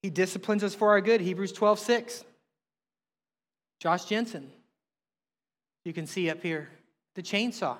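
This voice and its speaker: Animated high-voiced man preaching in a hall. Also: measured pace, pauses often. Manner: animated, conversational preaching with emphatic rises. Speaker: pastor. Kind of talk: sermon. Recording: long hall reverb.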